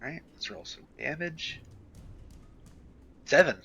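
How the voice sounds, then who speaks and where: An excitable man playing in a tabletop game, animated as he takes his turn. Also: on the high side, slow pace, gravelly, dull audio, a little hiss or hum. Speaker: player.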